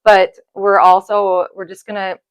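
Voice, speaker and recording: A woman's voice: medium pitch, flat delivery, unhurried, clean tone, dry recording. A woman hosting a podcast in an office, speaking in an effusive, gushing and emotional way. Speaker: podcast host. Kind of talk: heartfelt podcast conversation. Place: office space, indoors.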